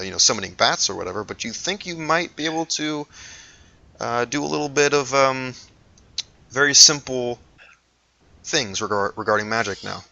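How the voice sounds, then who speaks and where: Bright-voiced man running a tabletop game. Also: medium pitch, gravelly, no echo. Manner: hesitant, lots of ums and restarts while describing scenes. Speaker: game master. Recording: dull lo-fi recording.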